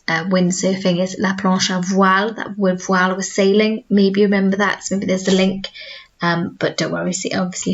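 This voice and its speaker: The audio is dull, and the woman's pitch sits in the middle. She has a Welsh accent and teaches languages at school; her recorded video lesson is clear and patient, with every word modelled repeatedly.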